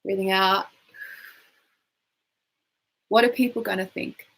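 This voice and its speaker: A woman guiding a tapping session, calmly giving instructions and phrases for the listener to repeat aloud. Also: mid-range voice, takes it slowly, rough recording. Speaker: tapping coach.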